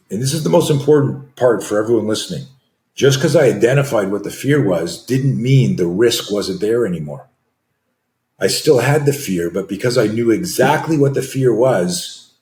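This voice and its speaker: A man in his sixties, a self-defense coach telling a story as a podcast guest, animated and acting out dialogue with frequent restarts. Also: lowish voice, reverberant.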